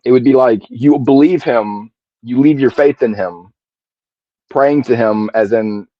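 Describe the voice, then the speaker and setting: Halting man on a muffled call. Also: mid-range voice, no room sound. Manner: halting, searching for words, many fillers. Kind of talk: casual stream chat.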